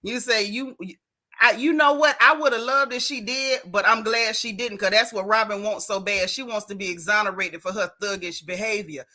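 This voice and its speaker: A woman hosting a casual livestream chat, animated and folksy, a little out of breath. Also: medium pitch, moderate pace, poor audio. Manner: animated, folksy, loud greetings. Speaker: show host greeting live chat.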